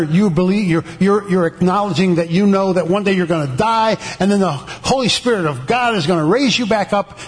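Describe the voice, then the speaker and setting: An older man with a notably high voice tells his church testimony. He stumbles, restarts and repeats words, then slips into the voices of the people he is describing. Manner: animated, acts out the voices of people in his story. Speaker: veteran giving a testimony.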